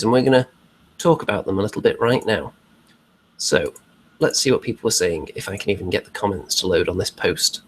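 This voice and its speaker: A man's voice: on the low side, a little hiss or hum. A man co-hosting a casual online chat show, talking in a chatty way with rhetorical asides. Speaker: podcast co-host.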